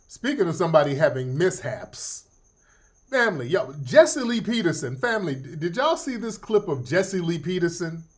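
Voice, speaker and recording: Middle-aged male host, joking and cursing, animated voice. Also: on the high side. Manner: profane, joking, laughs often. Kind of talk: casual livestream commentary.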